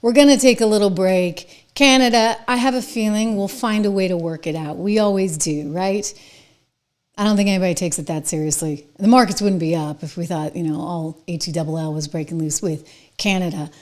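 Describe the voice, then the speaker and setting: A woman hosting an opinion commentary show, talking emphatically and excitably in a chatty way. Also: fairly low pitch, brisk. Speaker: show host.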